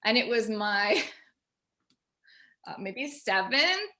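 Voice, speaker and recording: A woman on a video call at home, telling a personal story in an animated way and quoting herself and others. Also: fairly high pitch, extremely slow, pauses often. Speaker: featured artist guest. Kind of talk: casual video call discussion.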